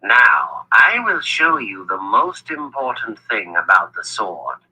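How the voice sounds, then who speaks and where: A man voicing an impish, sly old male wizard, with a husky voice, in an audiobook reading. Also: mid-range voice, sing-song, slow pace, sharp tone, pitched above the performer's own voice, exaggerated voice, poor audio.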